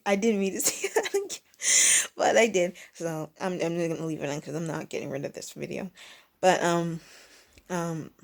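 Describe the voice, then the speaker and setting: A woman's voice: lively intonation, normal speed. A young woman vlogger telling a story in a casual, rambling way, restarting sentences and mimicking people. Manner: rambling, self-interrupting, mimics others in high squeaky bursts.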